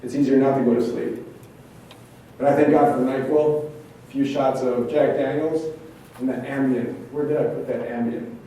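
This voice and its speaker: A man's voice: mid-range voice, fairly even intonation, moderate pace, mellow, a little hiss or hum. A man, a trauma therapist at an event, performing a dramatic spoken-word monologue full of intense rhetorical questions and repetition. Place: event venue, indoors. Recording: echoey room, mic from far off.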